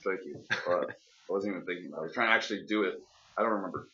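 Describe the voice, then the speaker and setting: A man's voice: deep voice, very fast, bright, forceful tone, dull audio. A man co-hosting a radio show, cracking jokes and making wild guesses in casual banter. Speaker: radio co-host.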